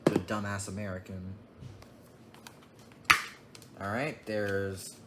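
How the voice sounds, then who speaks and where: This casual unboxing vlog features a young man speaking in an expressive mid-range voice at a measured pace, rambling offhandedly about his disc collection. He mutters asides, and the echoey room carries clear background noise.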